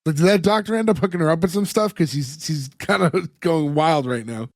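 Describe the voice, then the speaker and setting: A man with a fairly high voice co-hosts a casual podcast chat, rambling through scene recaps with lots of filler words. The sound is dry and close, with no room around it. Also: fairly quick, dry recording. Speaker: podcast co-host.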